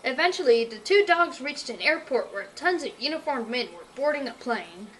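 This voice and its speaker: High, lively woman reading a story. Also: normal speed, slight background noise, rough recording. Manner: expressive, animated storybook reading.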